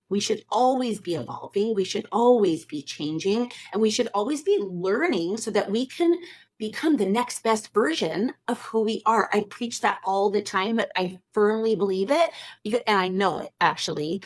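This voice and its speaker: A woman's voice: medium pitch, moderate pace, no room sound. A woman hosting a motivational podcast, talking in a gushing, effusive way with lots of exclamations and thanks to her listeners. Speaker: podcast host. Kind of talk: upbeat motivational podcast talk.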